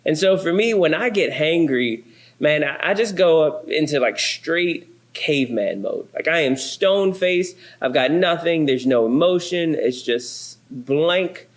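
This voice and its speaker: A man's voice: fairly high pitch, a little slow. A man in his thirties, a pastor, telling funny family stories in a sermon. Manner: animated, self-deprecating, comic. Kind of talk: humorous sermon storytelling.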